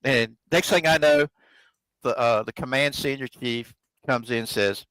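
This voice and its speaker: This host's mid-range voice is unhurried, fairly bright and clean, captured in a dry but rough recording. Over a casual live chat, he recounts a long personal story in plain, colloquial speech full of swearing, acting out the words of others.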